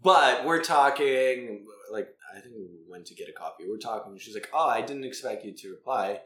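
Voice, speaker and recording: Animated man telling a story. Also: medium pitch, normal speed. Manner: animated, acts out quotes, laughs often. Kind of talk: casual storytelling chat. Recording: echoey room with faint noise.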